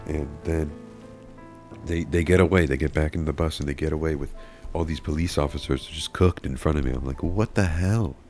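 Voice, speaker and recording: A man's voice: a bass voice, steady tone, brisk, a little mellow. A man telling a comedic story in a rambling, mock-serious way, stumbling over repeated words. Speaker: video creator. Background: background music.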